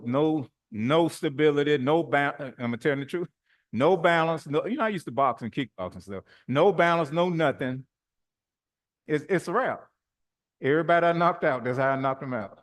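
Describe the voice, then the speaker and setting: This middle-aged bishop preaches informally, drawing on personal stories in an animated, colloquial style. He often laughs while talking, and his voice sits fairly high.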